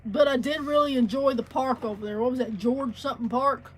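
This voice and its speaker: High-voiced, blunt, profane woman. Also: a little fast, a little hiss or hum. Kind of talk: casual livestream chat.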